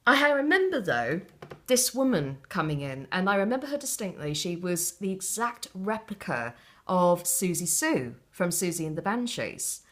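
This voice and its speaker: A woman from South West England telling stories in a casual interview, animated and theatrical, often laughing as she talks. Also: on the low side, moderate pace. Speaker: interview guest.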